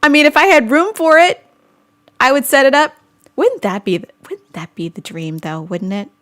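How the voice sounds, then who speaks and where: A woman's voice: sits high, expressive, moderate pace, a bit bright. A young woman chatting casually on her vlog, answering viewer questions with lots of fillers, restarts and giggles. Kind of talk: casual chat.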